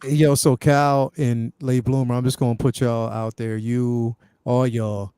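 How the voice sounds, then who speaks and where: A man's voice: mid-range voice, level tone, measured pace, warm tone, smooth, dry recording, clean studio sound. A man co-hosting a casual group chat, playful and slangy, teasing his friends with mock indignation.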